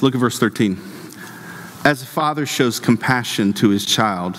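A man preaching a sermon as pastor, reading scripture aloud and pressing his points with rising, impassioned emphasis. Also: medium pitch. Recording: long reverb of a church hall.

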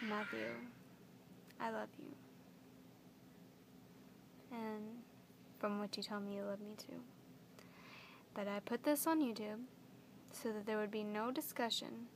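A young woman vlogging to camera, gushing and emotional as she repeats her words, with a creaky voice. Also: mid-range voice, background noise. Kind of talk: earnest direct-to-camera vlog.

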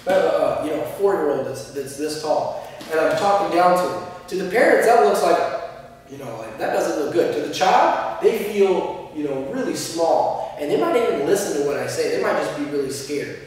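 A man's voice: fairly high pitch, expressive, normal speed, darkish tone. A male martial arts instructor explaining class methods in a practical way, acting out short examples as he teaches. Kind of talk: instructional talk. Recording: echoey room, distant mic.

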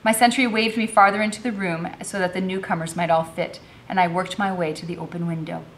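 A woman's voice: lowish voice, steady tone, fairly quick, a little hiss or hum. A woman teacher reading a novel aloud, narrating expressively.

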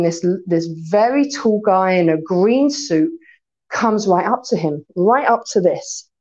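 A woman giving a religious community talk, retelling a story in an animated way. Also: mid-range voice, highs cut off. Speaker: speaker.

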